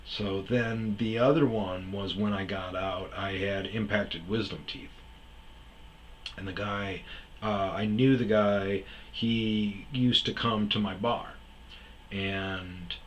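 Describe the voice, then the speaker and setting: Low-pitched man telling a forceful story. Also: steady tone, takes it slowly, a little hiss or hum, low-quality recording. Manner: rambling, acts out other people's lines, frequent restarts. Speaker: podcast host telling his own stories. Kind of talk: casual storytelling.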